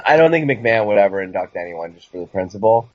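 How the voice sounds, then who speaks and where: A lower-pitched man rambles excitedly through a casual podcast chat. The sound is dull and lo-fi, dry and close with no room around it. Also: normal speed, no room sound. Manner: rambling, excitable, mocking high-pitched impressions. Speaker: podcast co-host.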